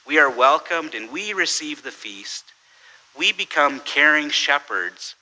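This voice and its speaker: A man with a very bright, forceful voice delivers a sermon in a relaxed, chatty manner. He repeats words, corrects himself mid-sentence and keeps asking the listeners "right?". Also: medium pitch, poor audio. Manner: conversational, self-correcting, tells jokes with quoted voices. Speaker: pastor. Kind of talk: sermon with humorous story.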